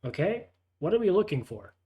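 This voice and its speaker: A man's voice: sits high, sing-song, fairly quick, warm tone. A man narrating a tabletop game as game master, hesitant, with frequent fillers and restarts.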